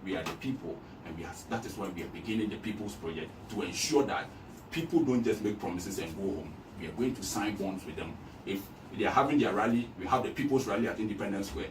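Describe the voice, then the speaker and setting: A man from Ghana speaks in a lowish voice, pressing his points with emphatic repetition. He sounds distant in a reverberant room. Steady background noise sits under the voice. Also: fast talker. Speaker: guest. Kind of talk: casual interview talk. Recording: echoey room, distant mic, noisy.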